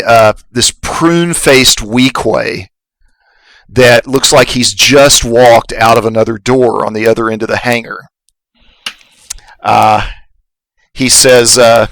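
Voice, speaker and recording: Halting game master man, dry mic. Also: medium pitch, no echo, rough recording. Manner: relaxed, halting narration with many fillers. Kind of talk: narrating a tabletop game.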